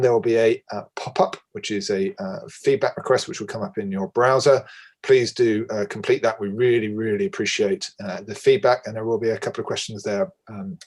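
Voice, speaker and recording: A man chairing a webinar in a chatty, relaxed way with lots of fillers, on a video call. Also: fairly low pitch. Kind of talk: casual webinar hosting.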